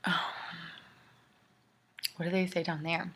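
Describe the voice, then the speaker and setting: A woman's voice: on the low side, level tone, slow, a bit bright. A young woman ranting candidly in a casual video letter to a friend, often dropping to a whisper. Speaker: vlogger.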